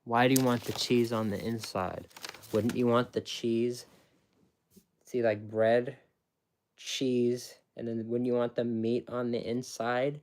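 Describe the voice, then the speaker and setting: A man's voice: mid-range voice, flat delivery, slow, darkish tone. A man casually explaining how he makes sandwiches, with lots of repetition and restarts. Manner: repetitive, restarts often, emphatic; explains step by step. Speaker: former sandwich shop worker.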